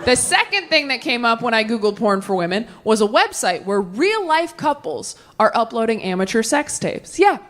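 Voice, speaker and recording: A young woman doing stand-up comedy, telling stories in a deadpan way and acting out bits of dialogue on a live stage. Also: a little high, moderate pace, few pauses, a faint crowd, slight background noise. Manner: deadpan storytelling with acted-out dialogue. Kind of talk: stand-up set. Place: comedy stage before a laughing audience.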